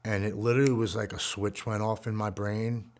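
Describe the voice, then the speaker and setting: A man in his forties with a low-set voice tells a personal story of struggle and recovery. He speaks earnestly and with feeling, often sinking into a soft, hushed tone when the memories turn heavy. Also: flat delivery, a little fast. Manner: earnest, emotional, drops to a hushed voice at heavy moments. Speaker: guest speaker.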